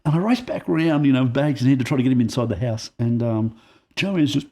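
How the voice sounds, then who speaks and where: Here an Australian podcast guest narrates his own experiences, bringing the quoted speech to life as he goes. The voice sits at a medium pitch, the pace is brisk, and there's a little hiss or hum in the audio.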